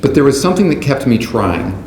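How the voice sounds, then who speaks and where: A man gives a prepared keynote speech to an audience in an even, middle-pitched voice, reading from a script with careful, deliberate pacing. The roomy echo of a large conference hall surrounds him, with a faint hum of background noise underneath.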